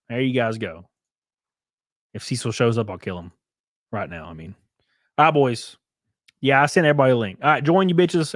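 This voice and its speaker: A man's voice: medium pitch, no echo. A male streamer chatting loosely and cursing at his audience as he fumbles with links. His voice sits in the middle range and sounds dry and close, with no room around it. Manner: loose, swearing, talking to chat while setting up. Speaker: host. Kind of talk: casual livestream chat.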